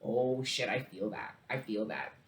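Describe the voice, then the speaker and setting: A woman giving a casual tarot reading, emphatic and swearing freely, with big swings between loud outbursts and low murmurs. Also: big pitch swings, unhurried. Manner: emphatic, heavy swearing, dramatic swings in loudness. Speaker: tarot reader. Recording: roomy echo.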